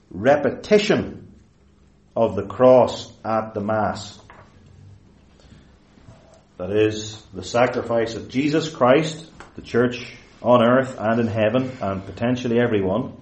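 A man preaching a theological lecture-sermon, emphatic and deliberate, stretching key words and correcting himself as he explains. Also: mid-range voice, a little mellow. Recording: roomy echoey hall.

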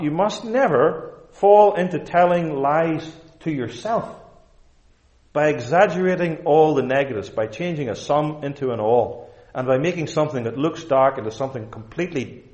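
A man's voice: a little high, a little mellow, highs cut off. A man preaching a sermon in a church, emphatic and fond of rhetorical questions. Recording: echoey room.

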